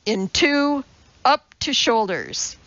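A woman's voice: a little high, very animated, slow pace, lo-fi sound, pitched above the performer's own voice, heavily acted. A woman voicing a small, fierce male coxswain who growls and barks profane commands at a rower. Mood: commanding. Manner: growling, profane, shouting orders.

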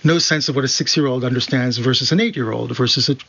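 Man, mid-pitched voice, earnest and thoughtful, interview guest, muffled recording. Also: fast talker, creaky, sharp tone, slightly rough. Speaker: guest, son of the director. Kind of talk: reflective interview talk.

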